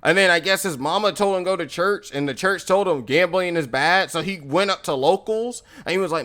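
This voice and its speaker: A man's voice: high-pitched, a little fast, few pauses, pushed and bright. A young man, a streamer, telling a story casually and animatedly, laughing often and acting out the people in it.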